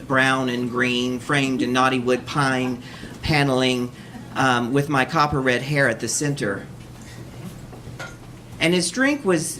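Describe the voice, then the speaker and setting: A man from Texas hosting a live storytelling show in a cabaret, telling a personal story in a wry, animated way and often laughing as he goes. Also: fairly high pitch, slight background noise. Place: cabaret stage before an audience.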